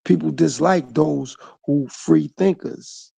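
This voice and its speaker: Gravelly man musing in a solo podcast. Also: on the high side, slow, warm tone, no room sound. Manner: repetitive, rhetorical questions. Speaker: podcast host. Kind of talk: reflective solo monologue.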